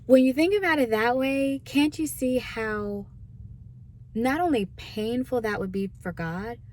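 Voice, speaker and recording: A woman minister gives a relaxed devotional teaching in a conversational way. She keeps checking in with her listeners and slips into quoted voices to act out their complaints. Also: on the high side, a little slow, a little hiss or hum. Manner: conversational, asks listeners "right?".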